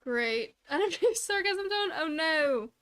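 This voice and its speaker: High-voiced bubbly woman streamer. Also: unhurried. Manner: bubbly, greets chat by name, trails off into quiet asides. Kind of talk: casual live-stream chat.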